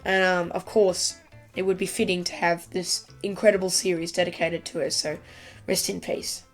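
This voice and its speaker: A woman giving a casual, excitable video review of a TV episode, rambling with lots of fillers. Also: on the low side, moderate pace, soft background music. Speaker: YouTube TV reviewer.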